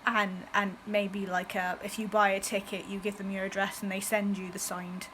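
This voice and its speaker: A woman chatting in a casual book vlog, bubbly and gushing and quick to laugh. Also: medium pitch, little pitch movement, a bit bright, slight background noise, poor audio. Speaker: book vlogger.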